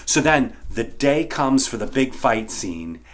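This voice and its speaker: A middle-aged man, an actor and bartender, telling a casual story in an animated way. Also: medium pitch, measured pace. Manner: animated, acts out the people he quotes.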